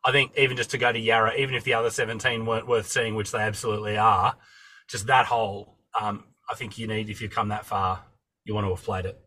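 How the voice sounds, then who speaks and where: A man's voice: fairly low pitch, flat delivery, fast talker, pushed and bright. An Australian man hosting a podcast, asking guests eager, chatty questions. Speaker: podcast host. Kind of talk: casual podcast interview.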